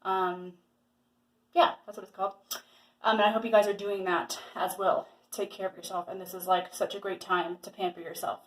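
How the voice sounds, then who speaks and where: A woman's voice: medium pitch, flat delivery, moderate pace. A young woman in her twenties vlogging casually at home, chatty and rambling with lots of fillers. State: slightly out of breath. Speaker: lifestyle vlogger. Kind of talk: casual vlog chat. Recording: echoey room.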